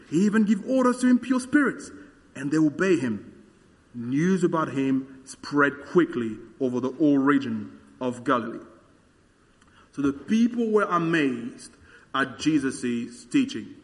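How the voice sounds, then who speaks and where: A man walks through a Bible passage in a relaxed, conversational way, with frequent "like" and "uh" fillers. His voice sits a little high for a man. The recording has a long reverberant tail. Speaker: Bible teacher. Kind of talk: explaining scripture verse by verse.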